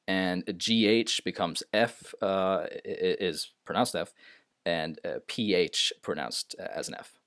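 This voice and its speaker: Man, low voice, hesitant unscripted lesson, lots of fillers, dry close recording. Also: measured pace, a bit bright, clean tone, no echo. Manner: hesitant, many uh fillers and restarts. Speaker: teacher. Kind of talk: unscripted screen-share lesson.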